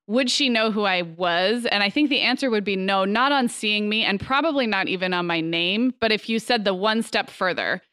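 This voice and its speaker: A woman's voice: medium pitch, moderate pace, few pauses, bright, forceful tone, clear, resonant tone, no echo, studio quality. A woman in her thirties co-hosting a podcast, telling stories in a chatty way with frequent laughs and restarts. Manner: chatty, laughing, self-correcting storyteller. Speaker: podcast co-host. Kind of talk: casual chat.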